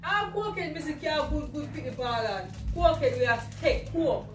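A woman's voice: sits high, animated, brisk. A woman with a Jamaican accent arguing back defiantly with her partner in a casual chat. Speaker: vlogger wife. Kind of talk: casual couple argument. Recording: echoey room, mic far off, faint noise.

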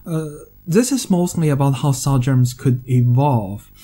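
Man, English speaker, essay narration: mellow, dry humor, hesitant fillers. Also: mid-range voice, measured pace. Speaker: video essayist. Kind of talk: scripted monologue.

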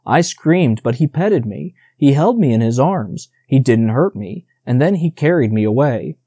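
A man's voice: medium pitch, lively intonation, moderate pace, dark tone, slightly rough, no echo. A man reading the part of a proud young male deer who boasts about his time with people, in an audiobook. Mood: boastful.

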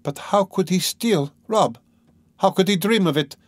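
A man's voice: medium pitch, moderate pace, a little mellow, no room sound, close to an everyday voice. A man voicing a proud, distressed young woman. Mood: imploring. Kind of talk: audiobook character reading.

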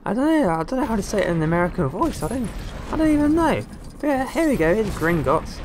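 Lively man commentating a game. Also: high voice, fast talker, background noise. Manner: excitable, jokey, talks to viewers as "guys". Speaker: gameplay commentator. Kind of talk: casual let's-play commentary.

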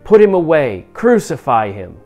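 A man voicing an angry crowd of accusers in a dramatized scripture reading, shouting forcefully. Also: mid-range voice, lively intonation, a little slow, faint music behind.

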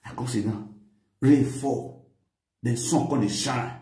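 A middle-aged vlogger tells a story to camera in Nigerian Pidgin English, full of quoted dialogue and frequent laughter. His mid-range voice is slow and dark, and the room sounds echoey.

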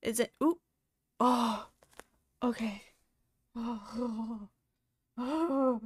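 High-voiced squeamish woman streamer. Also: very slow, long pauses, slightly rough, no room sound, studio quality. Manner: squeamish, repeats words nervously, laughs often. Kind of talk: horror game live-stream reaction. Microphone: headset.

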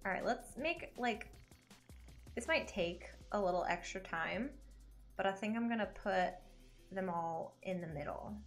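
A woman's voice: mid-range voice, measured pace. Young woman streamer, casual chatty delivery, laughs often, faint music behind. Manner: chatty, giggly, animated. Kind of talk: casual gaming stream chat.

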